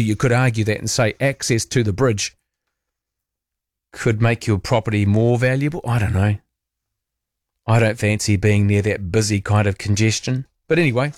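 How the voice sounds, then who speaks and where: A man's voice: medium pitch, no echo. A man hosting talkback radio, musing aloud in a wry, chatty way with lots of rhetorical questions. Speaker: radio talk host. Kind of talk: casual opinionated talkback chat.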